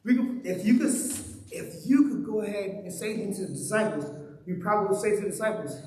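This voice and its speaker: A man's voice: sits high, expressive, fast, reverberant, poor audio. A man preaching a sermon in a conversational way, asking his listeners question after question. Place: church hall.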